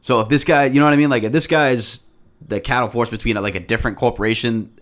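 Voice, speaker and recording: A man's voice: mid-range voice, fairly even intonation, fast talker, a bit bright. A man co-hosting a podcast, chatting casually and agreeably with hesitant, filler-heavy phrasing. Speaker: podcast co-host. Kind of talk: casual review chat.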